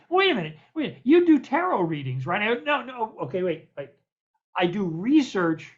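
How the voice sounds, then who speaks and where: Older American man spinning animated anecdotes. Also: high-pitched. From United States. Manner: animated, acts out the voices in his stories; stammers and repeats words. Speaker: guest poet. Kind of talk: anecdotal storytelling in an interview. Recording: dull lo-fi recording.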